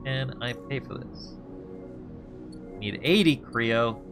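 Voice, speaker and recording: A man's voice: mid-range voice, slow, over loud music. A man playing a video game, reading its story text aloud and musing to himself in an offhand, casual way. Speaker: let's play streamer.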